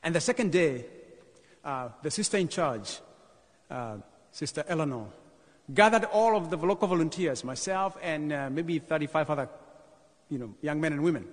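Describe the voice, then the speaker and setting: A man's voice: fairly high pitch, in a large hall. A man from Kenya in his thirties, telling his own story as a parish mission speaker and calling out to the congregation. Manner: animated testimony, calls to the congregation. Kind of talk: sermon storytelling. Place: church.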